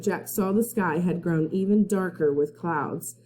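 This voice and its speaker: A woman's voice: on the low side, unhurried, hardly any pauses, dark tone, slight background noise. A woman first-grade teacher reading a chapter book aloud to her class in a chatty way, laughing at her own slips.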